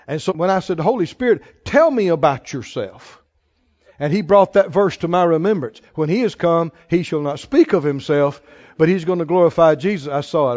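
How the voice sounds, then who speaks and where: This is a man with a high, somewhat mellow voice speaking at normal speed as he preaches to a congregation. He drives call-and-response with exhorting questions that rise at the end, and the sound is lo-fi and dull with a long hall echo.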